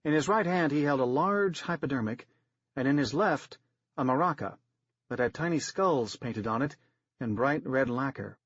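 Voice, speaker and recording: A man narrating an audiobook in a steady, wry storytelling manner, in a dry, slightly dull recording. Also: mid-range voice, moderate pace, no room sound.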